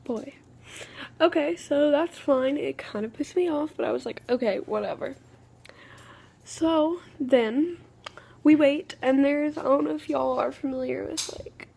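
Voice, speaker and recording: High-pitched girl ranting on her vlog, rambly and fed up, keeps saying okay. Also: vocal fry, warm tone. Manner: rambling, exasperated, full of "okay" restarts. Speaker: vlogger. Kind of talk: casual storytelling rant.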